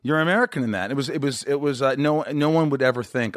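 Man, podcast host, fast talker, jokey, animated, dry close sound. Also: mid-range voice, no echo. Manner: excitable, joking, quick-fire questions. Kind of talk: casual podcast interview.

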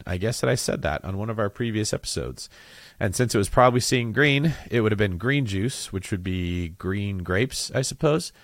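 A man's voice: fairly low pitch, a bit bright, dry recording, clean studio sound. A man hosting a real estate podcast, giving casual advice with joking asides. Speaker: podcast host.

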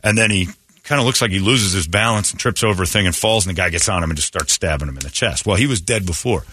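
A man with a low but bright, forceful voice hosts a casual morning radio show. He tells stories with energy and jumps up high when acting out what people said. The sound is dry and close. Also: fast, slightly rough, no room sound. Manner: animated storytelling, acts out quotes in a raised voice.

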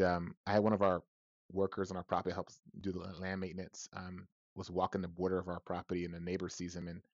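Man, podcast guest, deep voice, quick animated storyteller, dull close recording. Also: dry recording. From Southern California. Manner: animated storytelling with many restarts and quoted voices. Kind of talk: personal storytelling in a podcast interview.

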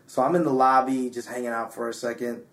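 Tipsy excitable man in an echoey room. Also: medium pitch, fast. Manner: excitable, swears often, heavy "like" fillers. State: a bit drunk. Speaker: DJ and guest. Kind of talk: casual storytelling chat. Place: hotel room.

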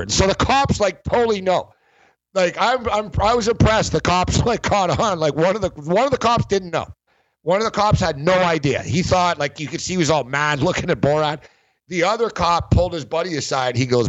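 A man's voice: a little high, lively intonation, moderate pace, no room sound, muffled recording. A man hosting a sports podcast, chatting casually in a rambling way with lots of fillers and frequent laughs. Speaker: sports betting podcast host. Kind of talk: casual chat.

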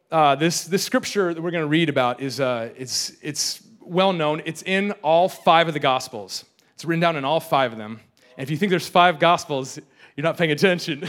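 A man's voice: medium pitch, fairly bright tone. A young adult man preaching a casual, joking sermon, often repeating and restarting his words. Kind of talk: conversational sermon.

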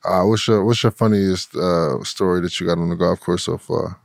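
A man's voice: low-pitched, fairly even intonation, normal speed, creaky, no echo, studio quality. A man co-hosting a podcast, chatting in a laid-back way and telling a funny golf story. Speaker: podcast co-host. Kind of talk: casual chat.

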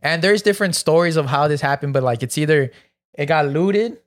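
A man's voice: a little high, fairly quick. A young man co-hosting a podcast, telling a story in loose, slangy casual chat. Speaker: podcast co-host.

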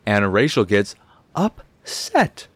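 A man's voice: lowish voice, big pitch swings, slow pace, husky. A young man ranting through a casual game review, profane, sarcastic and exasperated.

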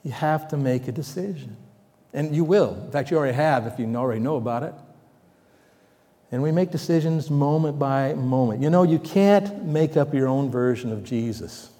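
A male pastor preaching a sermon in a conversational way, asking the congregation questions and swelling louder for emphasis. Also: mid-range voice, lively intonation, normal speed, in a large hall.

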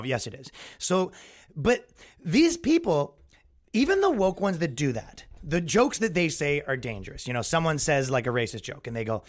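A man's voice: a little high, big pitch swings, brisk. A young adult man hosting a podcast, ranting casually and acting out quotes in his own voice. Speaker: podcast host. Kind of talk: casual comedic rant.

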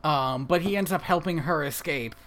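A man's voice: a little high, moderate pace, a bit bright, a little hiss or hum. A man retells a film's plot in a loose, wry way to a friend. He laughs at his own lines and leans on fillers as he goes. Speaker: podcast co-host. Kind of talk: casual movie recap chat.

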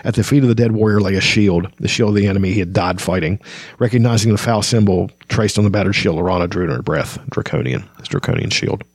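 A man's voice: on the low side, fast talker, darkish tone, husky, no echo. A man reading passages from a fantasy novel aloud, stumbling over words and summarizing between them with many ums and uhs. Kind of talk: casual book reading with commentary.

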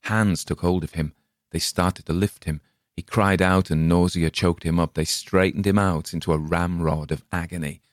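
A man with a very deep, low voice reads a dark tale aloud, measured and ominous. The recording is close and dry, with no room sound at all. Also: steady tone, no echo. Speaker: story narrator. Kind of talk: dramatic story reading.

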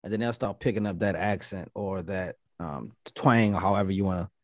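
A man's voice: low voice, fairly quick, no room sound, muffled recording. A man co-hosting a podcast, arguing animatedly and profanely in casual chat. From Baltimore. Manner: animated, profane, argues points with quoted voices. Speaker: podcast co-host.

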